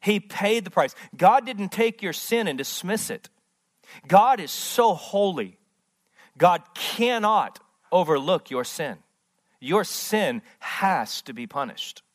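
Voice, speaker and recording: A man preaching a sermon in a church as pastor, impassioned and repetitive, swinging from loud emphasis to hushed tones. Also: high-pitched, expressive, slow pace. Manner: repeats words, restarts phrases.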